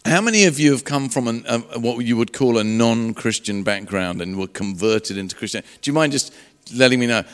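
A preacher shares his testimony in a loose, conversational way, doubling back on his words. His voice sits at an ordinary pitch for a man. The sound trails off with the long reverb of a big hall. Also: lively intonation, a little fast. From England. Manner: conversational storytelling with restarts. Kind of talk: sermon testimony.

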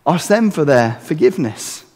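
A man's voice: a little high, very animated, normal speed, darkish tone. Earnest preacher man in a reverberant hall. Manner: earnest, conversational preaching with rhetorical questions. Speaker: pastor. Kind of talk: sermon.

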